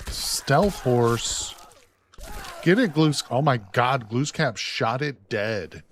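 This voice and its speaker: A man streaming a survival game live, reacting excitedly with swearing and laughter as he plays. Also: medium pitch, drawn-out words, slight background noise. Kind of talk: live gameplay commentary.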